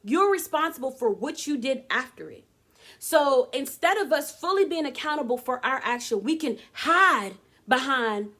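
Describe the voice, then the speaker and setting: A woman's voice: sits high, normal speed. A woman talking casually to camera, giving her opinions and acting out quoted voices. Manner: animated, dramatic quoted voices. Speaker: vlogger.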